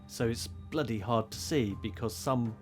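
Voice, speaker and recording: A man's voice: mid-range voice, normal speed. A man narrating a tabletop game as game master, teasing his players with wry asides. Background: music.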